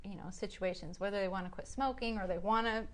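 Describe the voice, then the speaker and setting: A woman's voice: mid-range voice, fast talker. A woman co-hosting a casual parenting podcast. She explains things earnestly, using examples and anecdotes. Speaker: podcast co-host. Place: hotel room in a city.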